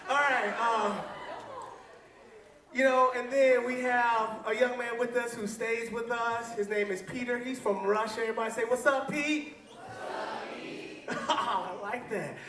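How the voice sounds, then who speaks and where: A man's voice: very high voice, steady tone, measured pace, recorded from a distance, background noise. A man from Flint preaching as a youth pastor to teenagers in a church hall, joking, laughing and calling out to the crowd for responses. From Flint, Michigan. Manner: playful, call-and-response, often laughing.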